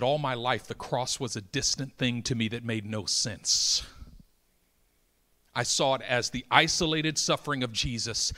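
A middle-aged man preaching a sermon through a personal story, swinging from loud exclamations to hushed near-whispers. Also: medium pitch.

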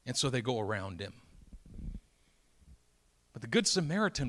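A man preaching a dramatic sermon, swinging from hushed lines to loud, building emphasis and acting out the voices of Bible characters. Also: medium pitch, sing-song, normal speed, long pauses. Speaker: pastor.

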